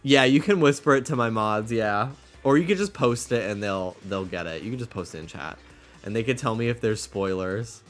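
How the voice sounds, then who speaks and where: A man's voice: fairly low pitch, expressive, normal speed, soft background music. A man streaming a video game, chatting casually with viewers, laughing often and swearing casually. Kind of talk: casual livestream chat.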